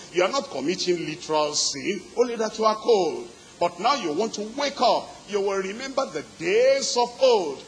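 A preacher with a notably high voice delivers his sermon in rolling, repetitive phrases that build and stack on one another. He presses his congregation with steady exhortation, and a faint hiss sits under the recording. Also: low-quality recording.

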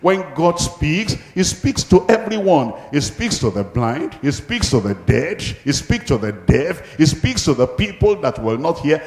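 A man's voice: on the high side, big pitch swings, a little slow, hardly any pauses, darkish tone. Man preaching emphatically in echoey hall. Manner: emphatic, retelling Bible stories with acted voices. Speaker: pastor. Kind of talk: sermon. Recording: echoey hall with long reverb.

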